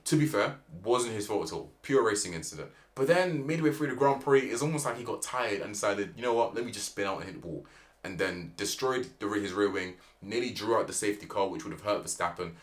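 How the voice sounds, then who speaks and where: A man giving animated, opinionated motorsport commentary, with emphatic rhetorical questions. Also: on the low side.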